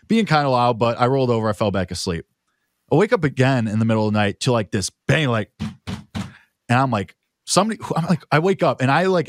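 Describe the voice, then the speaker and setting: A man's voice: mid-range voice, dry recording, studio quality. Chatty man rambling through a story. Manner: rambling anecdote full of "like" fillers. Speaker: co-host telling a story. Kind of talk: casual chat.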